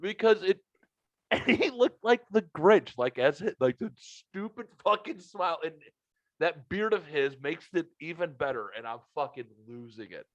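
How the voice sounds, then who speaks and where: Profane storytelling man, slightly high voice. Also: moderate pace, no echo. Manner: profane, animated, laughing at his own stories. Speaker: podcast host. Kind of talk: casual storytelling chat. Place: home basement man cave. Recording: slightly muffled, dry recording.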